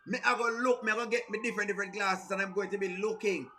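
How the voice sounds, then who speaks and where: A man's voice: high-pitched, steady tone, racing, noisy background. A Jamaican man giving playful, teasing reaction commentary, now and then breaking into song. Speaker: reaction video host.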